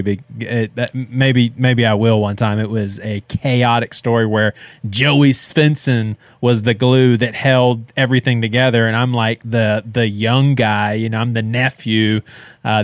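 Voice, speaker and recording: A man in his thirties co-hosting a podcast, telling a story in a casual, animated way and laughing as he goes. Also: mid-range voice, no echo, clean studio sound. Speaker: podcast co-host.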